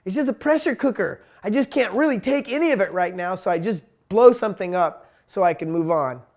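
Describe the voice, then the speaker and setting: A man's voice: sits high, lively intonation, brisk, a little mellow. Blunt, emphatic man swearing freely. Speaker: spiritual teacher. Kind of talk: monologue talk.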